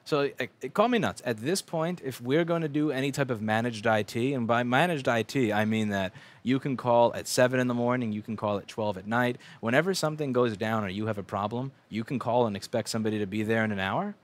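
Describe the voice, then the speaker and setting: A man's voice: medium pitch, brisk, hardly any pauses. A man hosting a casual livestream from his repair bench, talking bluntly with lots of swearing, fillers and restarts. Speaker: livestream host and repair technician. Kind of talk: rambling casual livestream talk. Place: repair shop workbench.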